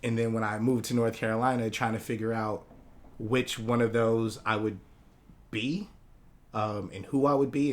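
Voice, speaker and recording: A man who grew up in Hawaii talks casually and reflectively as a podcast guest, often searching for his words. His voice is medium-pitched with a fairly bright tone.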